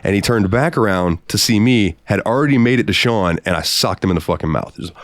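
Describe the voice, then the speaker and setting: A man co-hosting a podcast, telling profane, animated stories in casual chat. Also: on the low side, a little fast, no echo, clean studio sound. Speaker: podcast co-host. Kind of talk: casual storytelling.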